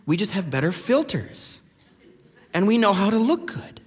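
A male pastor preaching a sermon in a relaxed, conversational way, telling stories with many fillers. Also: high voice, moderate pace, slightly rough, in a large hall.

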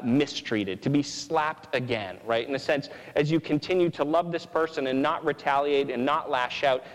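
Male preacher, fairly high voice, earnest and teaching, reverb trailing behind. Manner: earnest, repeats "right?" often. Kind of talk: sermon.

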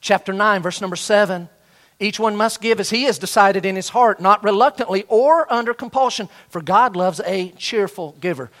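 High-voiced man preaching a lively sermon. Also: moderate pace. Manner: storytelling, acting out voices of students and coach. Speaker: pastor.

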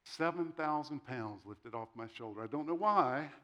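A man's voice: on the high side, expressive, moderate pace, few pauses, fairly bright tone. A middle-aged man giving a sermon, telling a personal story with self-deprecating humor and quoted dialogue. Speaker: pastor.

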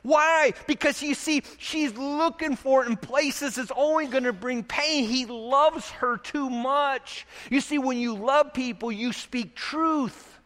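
A man with a high voice preaches, the sound trailing off in a long echo. He talks easily to the congregation and keeps asking rhetorical questions, keeping a sermon-like flow. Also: takes it slowly, few pauses, fairly bright tone. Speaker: pastor.

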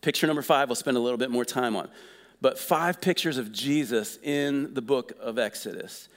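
A man preaching a sermon in a conversational, energetic way, asking the congregation questions. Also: medium pitch, moderate pace, in a large hall. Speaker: pastor.

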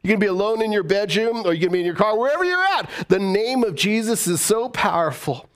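A male pastor delivers a sermon in a slightly high voice. He is emphatic and repeats key phrases to drive them home. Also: lively intonation, fairly quick, few pauses. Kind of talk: preaching a sermon.

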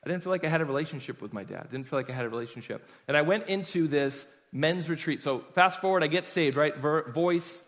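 A man's voice: on the high side, quick pace, few pauses, fairly bright tone. A man preaching a sermon in a conversational way, telling personal stories to his congregation. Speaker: pastor. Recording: long hall reverb.

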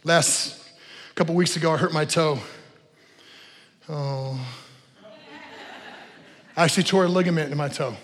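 A middle-aged man preaching a sermon as pastor in a church, animated, telling stories and acting out what people say. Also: on the high side, measured pace, long pauses. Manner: animated preaching, storytelling with voiced asides. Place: church sanctuary. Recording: long hall reverb.

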